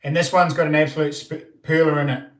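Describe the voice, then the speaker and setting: A man with a New Zealand accent chats loosely through a live stream, his voice sitting a little high. He rambles and restarts, filling the gaps with ums. The sound rings in a roomy, echoing space. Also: level tone, fairly quick. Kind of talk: casual live-stream chat.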